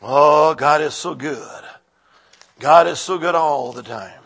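A male preacher with a high, bright, ringing voice delivers a sermon. He tells stories with lively energy and breaks into shouted praise for the congregation. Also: slow, creaky.

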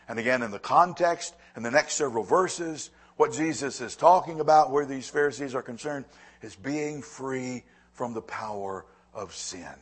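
A man's voice: mid-range voice, measured pace, breathy edge. A man preaching a sermon, earnest and repeating phrases for emphasis. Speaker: pastor.

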